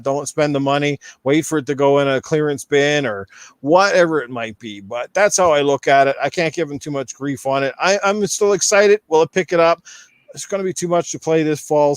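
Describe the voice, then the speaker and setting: A man hosting a casual gaming podcast, joking and exclaiming loudly. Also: fairly high pitch, brisk, no room sound. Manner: laughs often, exclaims loudly. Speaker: podcast host.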